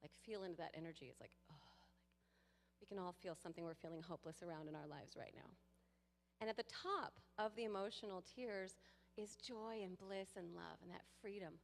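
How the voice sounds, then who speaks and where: A woman giving a sermon to a congregation, lively and playful, with laughing asides to the people in the pews. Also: fairly low pitch, a little fast, vocal fry. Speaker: guest speaker. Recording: long hall reverb.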